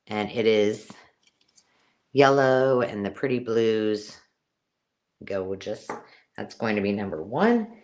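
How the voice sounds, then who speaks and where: A woman hosting a live-stream craft sale, chatty and excitable, counting items aloud as she shows them. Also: rumbling low. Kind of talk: casual live-stream selling chat.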